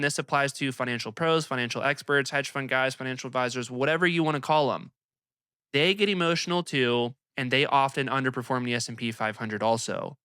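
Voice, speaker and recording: A young man hosting an investing video, talking to camera in an energetic, emphatic, conversational way. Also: medium pitch, smooth, dry recording, studio quality. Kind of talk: casual commentary to camera.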